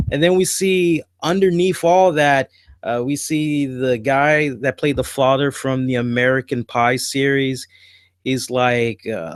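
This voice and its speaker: A man hosting a show, casually and excitedly reviewing ads in slangy talk. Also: medium pitch, normal speed, no room sound. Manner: enthusiastic, slangy, retells scenes with put-on voices. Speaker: podcast host.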